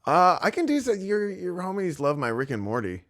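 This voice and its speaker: A man's voice: sits high, big pitch swings, normal speed, fairly bright tone. A man hosting a podcast, joking loosely, laughing often and slipping into silly voices. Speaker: podcast host. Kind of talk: casual comedic chat.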